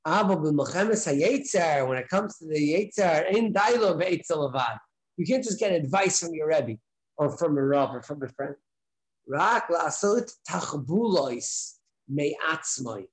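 A man's voice: fairly high pitch, animated, unhurried, rough recording. A man, a rabbi, giving a casual spoken lesson to his class, talking conversationally, repeating his points and asking rhetorical questions. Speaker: rabbi teaching a daily class.

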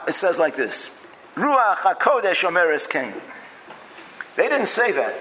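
A man's voice: high-pitched, very animated, a little slow, long pauses, bright, forceful tone, slight background noise, rough recording. A man giving a lecture-style Torah class, emphatic and repeating phrases as he builds his point. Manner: acts out quoted speech in changed voices. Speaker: Torah teacher.

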